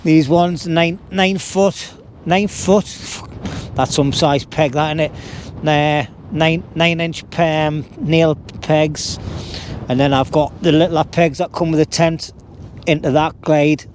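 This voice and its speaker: Man, middle-aged, casual vlog chat, dark warm tone. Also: a little high, fairly even intonation, unhurried, slight background noise. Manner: chatty and colloquial. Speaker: vlogger. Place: hilltop camp outdoors.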